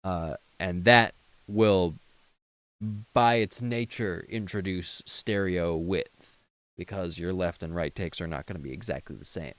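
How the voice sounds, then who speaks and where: Tired late-night streamer, man, lowish smooth voice, rambling feedback, close dry mic. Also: unhurried, a bit bright, no echo. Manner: rambling, full of fillers and restarts, gives mixing tips. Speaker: streamer reviewing a viewer's song. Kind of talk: casual feedback chat on a livestream.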